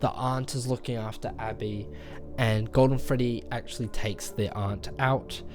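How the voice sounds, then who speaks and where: A man's voice: mid-range voice, fairly even intonation, normal speed, music in the background. A man giving a casual spoken movie review, rambling through the plot with lots of fillers and acted-out lines. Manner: rambling retelling with many fillers, acting out quoted lines.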